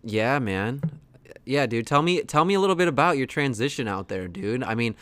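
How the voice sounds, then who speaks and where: A man's voice: medium pitch, expressive, moderate pace, a bit bright, dry recording. An American man hosting a podcast in casual chat, laid-back, full of slang and calling his guest dude. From United States. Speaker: podcast host.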